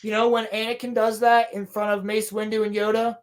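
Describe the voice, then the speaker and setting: A woman on a podcast, casually recapping a show with sarcasm and a lot of swearing, slipping into quick playful voices for quoted lines. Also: a little high, level tone. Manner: sarcastic, profane, mocking. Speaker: podcast co-host reviewing a TV show. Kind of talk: casual chat.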